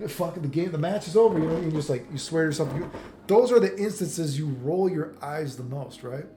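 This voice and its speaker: Rambling man with a higher voice. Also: expressive, a little fast, warm tone. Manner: rambling, profane, many "you know what I mean". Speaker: fighting game video host. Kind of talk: casual monologue. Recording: echoey room with faint music.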